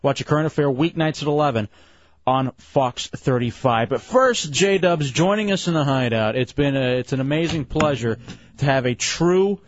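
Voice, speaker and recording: A man hosting a radio show from the studio, fast and joking with callers and co-hosts. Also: mid-range voice, dry recording. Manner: brash, joking, fast patter. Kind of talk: casual radio banter. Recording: slightly muffled radio broadcast.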